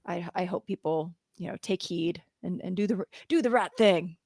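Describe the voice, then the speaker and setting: A woman's voice: fairly low pitch, moderate pace, a little mellow, no echo. Woman, podcast host, chatty, casual, restarts sentences, dry close sound. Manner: chatty, with frequent restarts and laughs. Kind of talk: casual interview chat.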